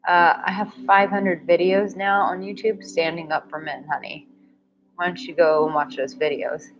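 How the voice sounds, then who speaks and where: A woman's voice: fairly low pitch, flat delivery, normal speed, dull audio, slight background noise. Encouraging woman dating coach on live stream. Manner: upbeat, encouraging, talks straight to viewers. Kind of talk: live-stream Q&A reading chat comments.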